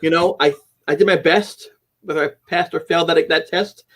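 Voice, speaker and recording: A middle-aged man telling a personal story as a podcast guest, animated and acting out dialogue, often restarting his sentences. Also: fairly high pitch, moderate pace. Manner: animated storyteller who acts out quoted dialogue, with frequent restarts.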